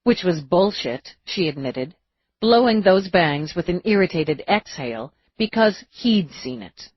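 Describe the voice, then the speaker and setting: A woman reading an audiobook in a steady, measured way, in a dull, dry recording. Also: fairly low pitch, husky, no room sound. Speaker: audiobook narrator. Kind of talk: audiobook narration.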